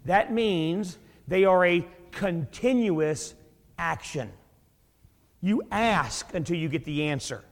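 Folksy preacher in a reverberant hall. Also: male voice, sits high, animated, takes it slowly. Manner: folksy, joking, conversational preaching. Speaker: pastor. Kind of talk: sermon.

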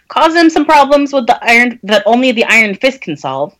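A woman's voice: a little high, moderate pace. Chatty woman recapping a story. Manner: laughing, recapping plot in a relaxed chatty way. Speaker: podcast co-host summarizing the book. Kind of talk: casual chat.

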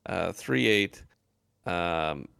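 A man's voice: low-pitched, animated, extremely slow, gravelly, a bit bright, clean tone, no room sound, clean studio sound. A man co-hosting a gaming podcast in casual, joking chat, wrapping up the show. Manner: joking, laid-back. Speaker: podcast co-host.

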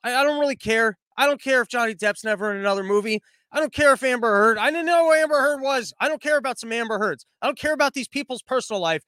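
A sarcastic male podcast host with a high voice runs through his list of topics in a loose comedic monologue. He wanders into tangents and mocks his subjects. The sound is dry and close on the mic. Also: expressive, quick pace, hardly any pauses, pushed and bright, no echo. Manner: sarcastic, rambling, tangent-prone.

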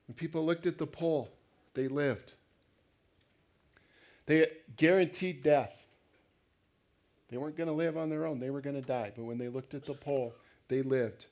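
A male pastor gives a casual, chatty sermon, asking the congregation questions. His voice sits at a middling pitch. He reads passages out plainly between his asides. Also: a little mellow. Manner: conversational, asks the congregation questions, acts out voices.

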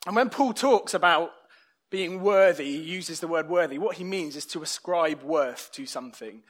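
A man's voice: a little high, normal speed. A man preaching a sermon in a conversational, self-deprecating way.

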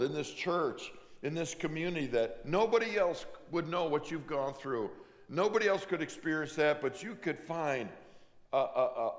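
A middle-aged man preaching from the pulpit in a relaxed, storytelling way, slipping into the voices of the people in his stories. His voice sits at an ordinary male pitch, and a long reverb trails each phrase through the church. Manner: conversational storytelling, acts out quoted voices. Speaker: pastor. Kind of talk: sermon.

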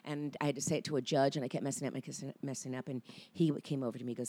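A woman's voice: sits low, steady tone, fast talker, few pauses, dark tone, no echo. A middle-aged woman, a guest actress, telling enthusiastic stories in casual talk. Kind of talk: casual chat.

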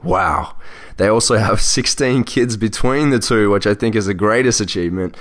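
A man's voice: lowish voice, moderate pace, a bit bright. An Australian man hosting a podcast, reading an ad and opening an interview in an upbeat, salesy way. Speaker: podcast host.

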